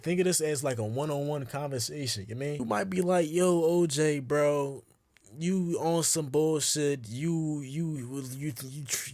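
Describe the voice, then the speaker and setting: A man's voice: mid-range voice, darkish tone. A young man talking casually to the camera in a rambling, slangy monologue, checking in with the viewer often. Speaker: YouTuber.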